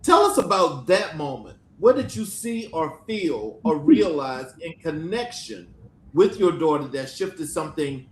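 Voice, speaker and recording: A man interviewing a guest, asking questions in a gentle, measured way with frequent filler sounds. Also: a little high, very animated, slight background noise. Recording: roomy echo.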